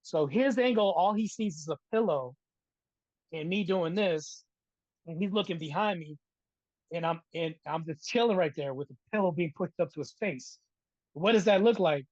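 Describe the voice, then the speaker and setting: A middle-aged man recounts his past as an interview guest, animated and conversational, tossing in "right?" after his points. The recording is dry and a little dull, close with no room sound. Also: on the high side, normal speed, no room sound. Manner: animated, keeps adding "right?". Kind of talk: storytelling in a casual interview.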